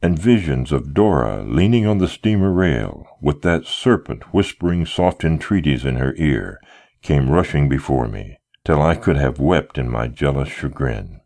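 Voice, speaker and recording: A man narrating a period novel in the first person, expressive and rising to agitated pleading in the dialogue. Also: rumbling low, a little slow, vocal fry. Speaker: audiobook narrator.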